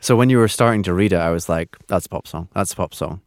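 A man co-hosting a podcast and guessing in a lyrics quiz, animated and self-mocking, laughing and groaning often. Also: low-pitched, fast, no room sound, studio quality. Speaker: podcast co-host and quiz contestant. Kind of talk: casual chat.

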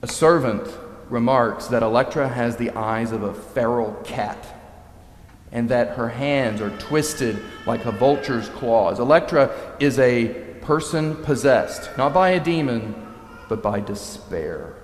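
A man preaching a sermon, telling a story in a lively way and acting out the characters' lines. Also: medium pitch, unhurried, slight background noise. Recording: echoey hall.

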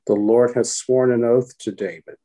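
A man reciting alternate psalm verses in a responsive morning prayer, in a steady, solemn way. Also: medium pitch, moderate pace. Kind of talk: liturgical responsive reading.

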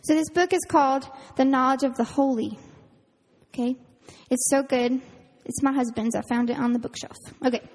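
A woman camp counselor, giving a casual, earnest youth sermon full of fillers and quick laughs. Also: sits high, darkish tone. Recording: reverberant hall.

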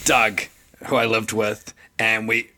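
A man's voice: fairly low pitch, level tone, takes it slowly, bright, forceful tone. A man, co-hosting a podcast and telling rambling stories in casual chat. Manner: rambling storyteller with restarts, laughs often. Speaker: podcast co-host.

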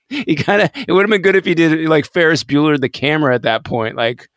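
A man co-hosting a podcast, chatting casually and retelling scenes with animated energy and frequent laughter. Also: on the high side, brisk, clean tone, no room sound, clean studio sound. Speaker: podcast co-host. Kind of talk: casual chat.

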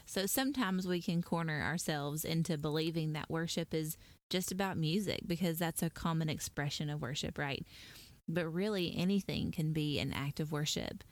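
A woman with a fairly low voice hosts a relaxed podcast conversation. She asks questions and often murmurs agreement as she listens. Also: normal speed. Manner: affirming, frequent agreeing murmurs. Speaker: podcast host. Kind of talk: casual conversational interview.

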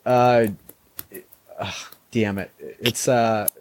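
A man's voice: fairly low pitch, steady tone, very slow, darkish tone, slight background noise. A man co-hosting a podcast in casual chat, rambling and swearing, laughing at himself. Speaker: podcast co-host.

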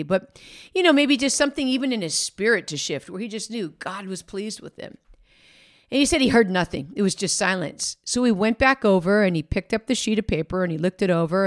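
A woman hosting a devotional podcast, telling a story in a conversational way with fillers and restarts, and acting out the people she quotes. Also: medium pitch.

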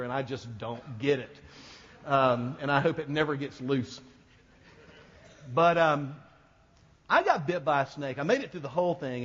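High-voiced folksy male preacher. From American South. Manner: folksy storytelling, jokes with congregation. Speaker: pastor. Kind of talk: sermon. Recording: long hall reverb, dull sound.

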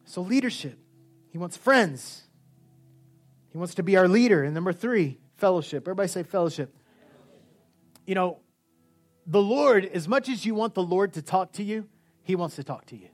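High-pitched guy preaching, gets loud and shouty then real quiet, some music under it. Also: moderate pace, long pauses. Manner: animated, swings from quiet to shouting. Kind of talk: sermon.

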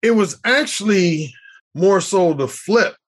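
A man's voice: sits high, animated, slow pace. A middle-aged man, a podcast guest, telling stories vividly and acting out the dialogue. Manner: vivid storyteller who acts out quoted dialogue. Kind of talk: storytelling in conversation.

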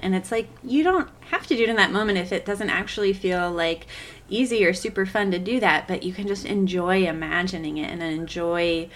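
A woman's voice: on the low side, brisk. Woman cohost, casual podcast chat, dry little jokes thrown in. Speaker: podcast co-host.

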